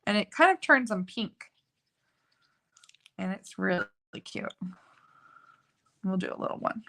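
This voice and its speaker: A woman's voice: mid-range voice, lively intonation, measured pace, gravelly, pushed and bright. A woman hosting a live card-making tutorial, chatty and gushing, with frequent fillers. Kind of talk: live crafting tutorial chat.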